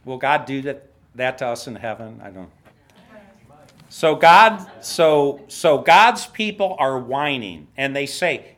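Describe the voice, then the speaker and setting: Animated male pastor with a lively voice. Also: slow. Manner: animated, acts out quoted voices with big pitch jumps; self-mocking humor, laughs at himself. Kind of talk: sermon. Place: church.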